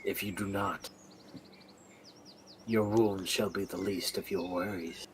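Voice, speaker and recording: A creepy lurker, played by a man, hisses slow, low threats and names himself in the third person. His voice sits deep, with a faint hiss behind it. The delivery is deliberately menacing. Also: steady tone, fairly bright tone. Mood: threatening. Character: creepy sneaky creature lurking in the dark.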